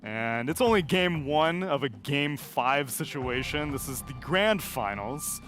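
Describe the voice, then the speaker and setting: A male host runs an esports studio desk, upbeat and pushing his panel for quick predictions. Faint music plays behind his voice. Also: mid-range voice, animated, fairly bright tone. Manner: upbeat, prompting.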